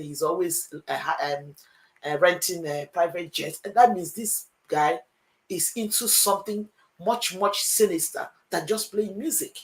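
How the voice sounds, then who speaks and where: A woman's voice: fairly low pitch, low-quality recording. A woman with a Nigerian accent speaking on a talk show panel, hesitant and heartfelt, with many fillers. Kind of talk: emotional panel discussion.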